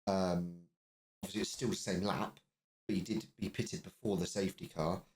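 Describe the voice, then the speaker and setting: A man's voice: low voice, fairly even intonation, normal speed, a little mellow. A man co-hosting a podcast, recounting race events in a brief, matter-of-fact way. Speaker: podcast co-host. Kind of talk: casual race recap chat.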